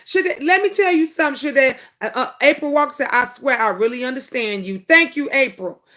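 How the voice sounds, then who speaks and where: A middle-aged woman hosting a casual live chat, answering viewer comments and telling animated family stories. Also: sits high, fairly quick. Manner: animated storytelling, acting out family quotes. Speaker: host of a live chat show.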